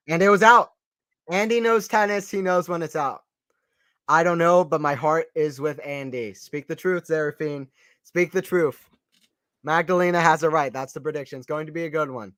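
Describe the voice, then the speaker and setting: Excitable man calling tennis play-by-play. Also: on the high side, dry recording. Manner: excited, chatty, repeats phrases, reads out chat. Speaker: live stream commentator. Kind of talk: casual play-by-play tennis commentary.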